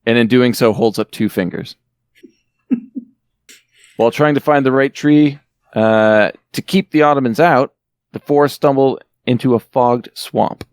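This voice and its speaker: A man's voice: medium pitch, unhurried, pauses often, clean tone, no room sound, studio quality. A man hosting a podcast, casually recapping a movie with wry, laughing asides. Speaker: podcast host recapping a film. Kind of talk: casual chat.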